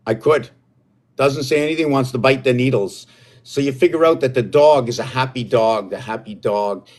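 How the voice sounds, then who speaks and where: A man talking alone on a live stream in a mid-range voice. He rambles from one idea to the next, gets excited, and drifts off his own point. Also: medium pitch. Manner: meandering, excitable, loses his own thread. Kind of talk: rambling solo livestream talk.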